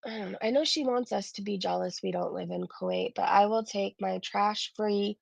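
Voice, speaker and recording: Sarcastic woman with a gravelly voice. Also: mid-range voice, moderate pace, no echo, dull audio. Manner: sarcastic and blunt, swears freely; laughs through her remarks. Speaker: reaction channel host. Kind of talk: casual reaction commentary.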